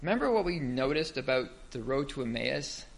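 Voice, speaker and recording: A man teaching from scripture in a mid-range voice, neither high nor low. He explains things step by step and keeps checking in with his listeners through rhetorical questions. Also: sing-song, a little fast, vocal fry. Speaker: Bible teacher. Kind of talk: Bible teaching talk.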